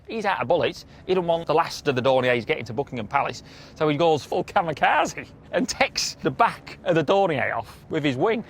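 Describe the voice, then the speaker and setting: A man presenting a documentary, telling stories in a lively way, swearing freely and laughing often. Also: fairly high pitch, a little fast, slight background noise. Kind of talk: lively storytelling to camera.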